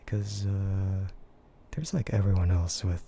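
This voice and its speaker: An American man chatting in a soft, gentle ASMR voice, relaxed and hesitant with frequent giggles. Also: low voice, slow pace, slight background noise. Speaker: VTuber streamer. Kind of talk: soft-spoken ASMR chat.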